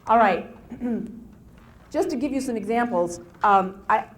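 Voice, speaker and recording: A woman lecturing on anxiety at a live seminar, telling case stories in an animated way with frequent restarts. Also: fairly high pitch, slow. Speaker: anxiety self-help lecturer. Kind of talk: live motivational seminar talk.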